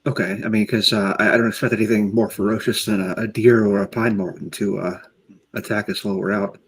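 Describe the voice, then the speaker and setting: A man's voice: on the low side, level tone, fast, slight background noise. A man playing a tabletop game with friends, asking dry, careful questions in casual chat. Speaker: tabletop player.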